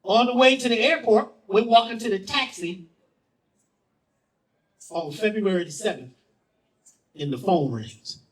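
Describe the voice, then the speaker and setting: A man telling a personal story as a spoken-word performer, theatrical, swinging from loud lines to hushed ones and repeating phrases for effect. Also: sits high, unhurried, long pauses, recorded from a distance, rough recording.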